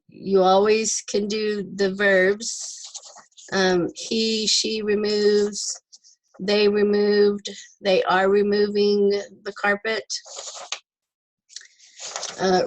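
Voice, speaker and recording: A woman teaching an online English class, stepping slowly through word forms with example sentences. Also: medium pitch, rough recording. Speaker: ESL teacher. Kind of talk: recorded online lesson.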